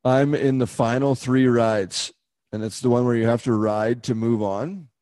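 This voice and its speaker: Young male co-host, profane, animated, laughs often, mid pitch, dry studio sound. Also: measured pace, no room sound. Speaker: podcast co-host. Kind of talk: casual storytelling chat.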